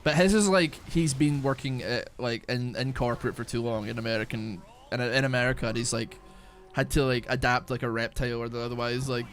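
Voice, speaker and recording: A man's voice: medium pitch, fairly even intonation, fairly quick, few pauses, faint music behind. A young man streaming a game live, chatting casually, rambling with frequent restarts and plenty of swearing. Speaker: gaming streamer. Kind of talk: casual live-stream chat while gaming.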